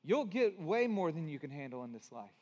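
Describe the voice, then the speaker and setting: Male pastor, high voice, conversational sermon with emphatic builds, large reverberant hall. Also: sing-song, brisk, darkish tone.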